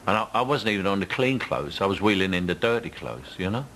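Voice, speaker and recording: An older Cockney man with a low voice, spinning anecdotes in a relaxed interview. He drops into other people's voices whenever he quotes them. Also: fast, a little hiss or hum, poor audio. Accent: Cockney London. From England. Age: 70s. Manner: storytelling, mimics others in quotes. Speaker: interviewee actor. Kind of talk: casual anecdotal chat.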